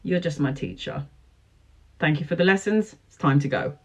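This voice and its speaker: A woman's voice: deep voice, sing-song, moderate pace, slightly rough, muffled recording. Earnest woman preaching self-love. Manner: earnest, emphatic, motivational, with repeated slogans. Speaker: tarot reader. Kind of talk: live social-media talk answering viewer questions.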